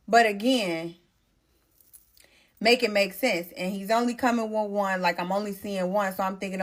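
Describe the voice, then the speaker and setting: A young woman tells her story straight to camera in a casual, chatty way. She is blunt and animated, and she swears and uses slang freely. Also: medium pitch, moderate pace. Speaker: storytime vlogger.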